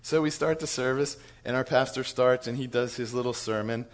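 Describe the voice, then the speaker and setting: Animated man telling a church story. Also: mid-range voice, fairly quick. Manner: animated storyteller, chuckles through his story. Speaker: church staff speaker. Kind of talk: storytelling talk to church leaders.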